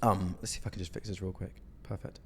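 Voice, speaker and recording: A young man with a deep, husky voice talks quickly while coaching on cold outreach. In an animated, casual critique to camera he mocks the messages bluntly, saying "okay?" a lot.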